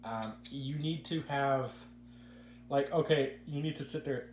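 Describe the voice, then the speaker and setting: A man's voice: medium pitch, measured pace. A man hosting a casual podcast, giving rambling opinions and stumbling over repeated words. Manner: rambling, repeats words when starting sentences. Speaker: podcast host. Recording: echoey room with faint hum.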